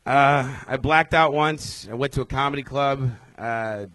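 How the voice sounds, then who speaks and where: A man's voice: mid-range voice, a little slow, fairly bright tone, no room sound. A man in his thirties, a guest comic on stage, answering in a flustered, self-deprecating, stammering way. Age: 30s. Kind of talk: casual chat. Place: comedy club stage with live audience.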